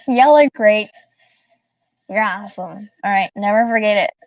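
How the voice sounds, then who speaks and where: A woman's voice: mid-range voice, unhurried, dry recording. Chatty giggly woman streamer from the south, greeting chat, dull dry mic a bit far off. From Southern United States. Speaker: livestreamer. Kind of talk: casual live-stream chat.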